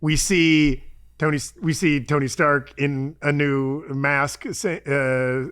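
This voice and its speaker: A man's voice: fairly high pitch, level tone, takes it slowly, a bit bright, clear, resonant tone. A man co-hosting a movie rumor show, musing aloud and throwing questions at his partner. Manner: musing, asks lots of questions. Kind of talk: casual podcast chat.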